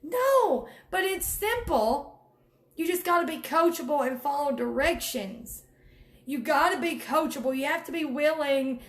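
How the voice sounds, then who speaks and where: A woman's voice: sits high, animated, measured pace. A woman giving viewers an emphatic, preachy pep talk about network marketing, calling them honey and y'all. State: near tears at times. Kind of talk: direct-to-camera pep talk. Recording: echoey room.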